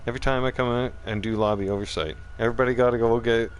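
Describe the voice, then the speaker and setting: A man's voice: mid-range voice, fairly even intonation, very fast, slight background noise. A man streaming a game, giving profane, taunting commentary to other players. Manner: trash-talking, profane, taunting. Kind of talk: gameplay commentary. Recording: game gunfire behind voice.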